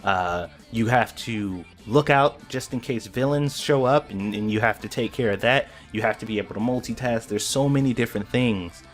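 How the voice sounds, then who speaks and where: Man, mid-range voice, casual reaction vlogger, excited and rambling, faint music bed. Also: mid-range voice, normal speed, hardly any pauses. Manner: excited, rambling with frequent restarts.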